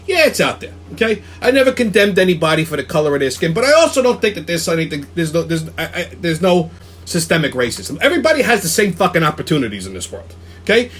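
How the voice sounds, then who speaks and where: A man's voice: high-pitched, fairly bright tone, slight background noise. A man hosting a weekly commentary show, ranting angrily and profanely, often stopping to ask "okay?" and stumbling over restarts. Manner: profane, combative, repeats "okay?" and restarts words. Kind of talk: angry opinion rant.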